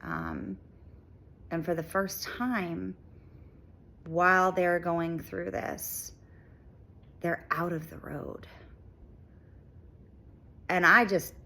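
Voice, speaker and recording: A middle-aged woman speaking earnestly and reflectively to viewers, pausing often with ums as she shares a personal message. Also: on the low side, animated, bright, forceful tone. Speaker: channel host. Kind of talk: personal heartfelt talk to viewers.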